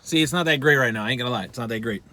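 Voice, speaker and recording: A man's voice: mid-range voice, rapid-fire, bright, forceful tone. A man giving a casual vocal lesson, talking bluntly with plenty of swearing and poking fun at himself. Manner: blunt, profane, self-deprecating. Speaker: vocal instructor.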